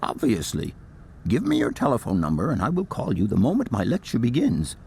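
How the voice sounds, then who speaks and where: An actor playing a formal, courteous older professor in a video game. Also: male voice, fairly low pitch, wildly swooping pitch, a little fast, vocal fry, darkish tone, slightly rough, heavily acted. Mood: assured. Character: eccentric older male professor, grand and formal. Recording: game audio with faint background ambience.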